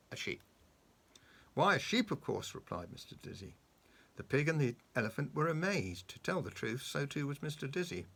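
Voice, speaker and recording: A man reading a children's story aloud, animated and coaxing, stopping to ask the child questions. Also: on the low side, vocal fry, breathy edge.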